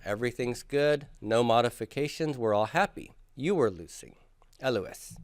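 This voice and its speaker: A man's voice: mid-range voice, lively intonation, moderate pace, no echo, clean studio sound. A man teaching a classroom grammar lecture, patiently drilling students through forms and asking them to repeat after him. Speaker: Greek teacher.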